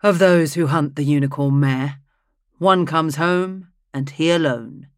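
A storybook reader voicing a grave old man from the north who speaks in a slow, solemn way. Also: a little high, no room sound, studio quality, close to an everyday voice.

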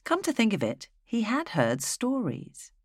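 Audiobook narrator, steady even delivery, close dry recording. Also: medium pitch, measured pace, husky, dry recording.

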